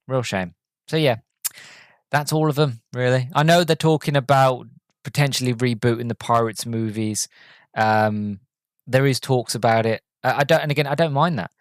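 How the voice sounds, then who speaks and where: A man of middling pitch talks through a casual film review on his podcast. He rambles and hesitates, circling back with fillers and restarts, and he sounds deflated and let down. His voice is recorded close and dry, with no room sound. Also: no room sound.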